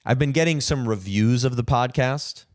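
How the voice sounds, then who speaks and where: A young man hosts a solo podcast in clean studio sound with no room sound, his medium-pitched voice at a moderate pace. He rambles and pokes fun at himself, with plenty of fillers and restarts.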